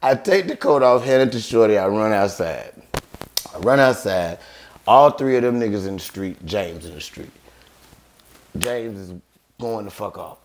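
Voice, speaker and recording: Animated man telling a story. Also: fairly low pitch, moderate pace, long pauses, slight background noise. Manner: animated, acts out quoted voices, swears freely. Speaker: podcast guest storyteller. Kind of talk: casual storytelling.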